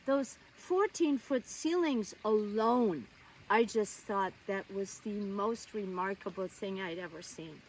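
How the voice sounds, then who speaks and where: Slow-paced woman storyteller, distant mic. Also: mid-range voice. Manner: wistful, animated, laughs as she recalls. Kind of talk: personal storytelling. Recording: distant mic, faint ambient noise.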